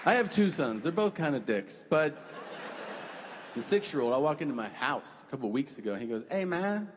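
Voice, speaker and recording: Lively crude stand-up comedian. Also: male voice, medium pitch, brisk, background noise. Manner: crude, profane, conversational storyteller who acts out quotes. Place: comedy venue stage before a live audience. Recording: reverberant hall with crowd ambience.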